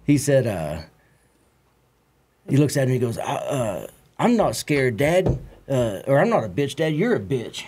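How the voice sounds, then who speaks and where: A man's voice: medium pitch, very animated, measured pace, pauses often, a little mellow, breathy edge. A man with a Texan accent telling a rambling, profane story on a podcast, acting out what others said. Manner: profane, rambling anecdotes with acted-out quotes. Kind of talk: casual storytelling.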